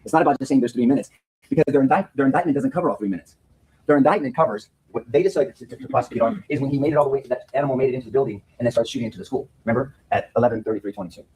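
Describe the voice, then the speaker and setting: A man's voice: mid-range voice, racing, a little mellow, slightly rough, low-quality recording. A man speaking as a defense attorney in a courtroom, giving an earnest opening statement to a jury and often repeating words as he restarts his sentences.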